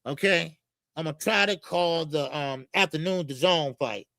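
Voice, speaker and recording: A man hosting a live boxing talk stream, ranting in a profane, animated way and often repeating himself. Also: a little high, normal speed, dry recording. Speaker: boxing show host.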